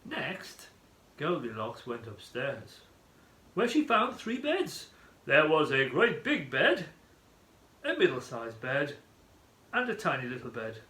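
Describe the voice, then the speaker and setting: A man narrating a children's story in an animated, expressive manner. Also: mid-range voice, takes it slowly, long pauses. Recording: echoey room.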